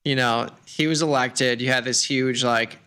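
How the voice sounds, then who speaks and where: A man's voice: mid-range voice, steady tone, moderate pace, sharp tone, smooth. A man chatting casually about markets, laughing easily and leaning on "like" as filler. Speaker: market commentator.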